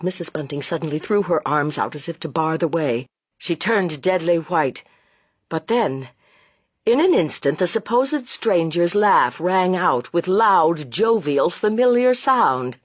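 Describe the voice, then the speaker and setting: An expressive narrator reading a classic suspense novel with a lively, dramatic rise and fall. The voice is husky and breathy, and the recording is close and dry. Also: medium pitch, no room sound. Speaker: audiobook narrator.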